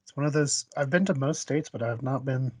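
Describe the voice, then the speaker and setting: A man's voice: medium pitch, fairly quick, dry recording. A man hosting an interview, chatting casually and affirming his guest. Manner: relaxed, affirming listener. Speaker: interview host.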